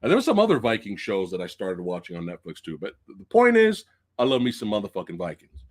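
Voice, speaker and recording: This is a male host of a live movie review stream who talks in a loose, chatty way and drops swear words without a second thought. His pitch swings widely as his excitement builds. He speaks straight to the viewers at home. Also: fast talker. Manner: chatty, addresses viewers directly. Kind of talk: casual live-stream chat.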